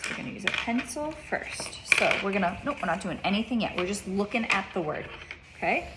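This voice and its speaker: A woman's voice: medium pitch, expressive, fairly quick, very noisy. A woman teaching a child reading in a one-on-one lesson, patient, repeating her questions and checking in with "okay?".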